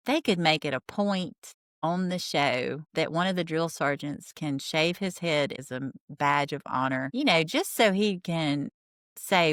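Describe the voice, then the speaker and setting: Low-voiced woman recapping a reality show. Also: lively intonation, a little slow, fairly bright tone, no room sound, studio quality. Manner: chatty, wry, gossipy. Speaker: podcast host. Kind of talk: casual TV recap.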